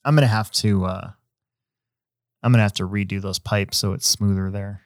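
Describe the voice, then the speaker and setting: A man hosting a casual podcast, talking in a rambling, relaxed way with many fillers and restarts. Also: on the low side, normal speed, no room sound, studio quality. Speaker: host; hobby shop owner.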